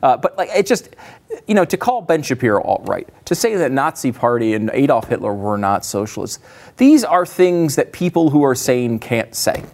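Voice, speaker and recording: Male co-host, mid pitch, lively indignant chat delivery. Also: gravelly. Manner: fast, indignant argument with restarts. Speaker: podcast co-host. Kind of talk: casual panel chat.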